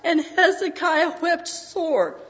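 Very high-voiced emotional woman preaching. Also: expressive, takes it slowly. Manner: emotional, frequent "uh" fillers, voice breaking. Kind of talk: sermon. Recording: dull audio in a reverberant hall.

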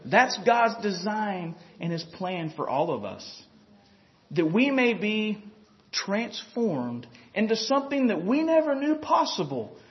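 A man with a notably high voice preaches a sermon in an easygoing, talkative way, chuckling now and then and checking in with his listeners. The recording is dull and lo-fi, with a muffled top end. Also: big pitch swings, slow pace. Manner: conversational preaching, chuckles, frequent "you know".

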